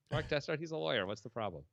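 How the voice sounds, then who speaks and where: A man's voice: fairly high pitch, vocal fry, fairly bright tone, dry recording, lo-fi sound. A man commentating a poker stream in a casual, joking, rambling way, often laughing.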